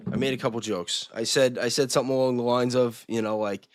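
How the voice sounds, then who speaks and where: A man chatting on a live stream, rambling and laughing his way through stories. His voice sits at an ordinary pitch, and the mic is close and dry with no room sound. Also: steady tone, quick pace, few pauses, dry recording. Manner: rambling, laughs often, restarts mid-sentence. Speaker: stream co-host. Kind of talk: casual chat.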